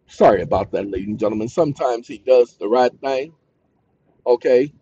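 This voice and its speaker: A man hosting his own channel, reading legal definitions aloud and breaking off to shout insults at an AI assistant in a ranting commentary. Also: medium pitch, normal speed, husky, dull audio. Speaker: channel host.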